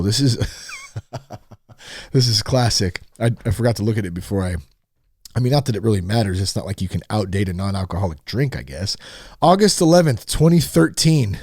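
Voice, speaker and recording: Recorded dry and clean on a studio mic, a podcast host with a lowish, darkish voice reads out an article for laughs. He mocks how it's worded, staying playful and laughing frequently.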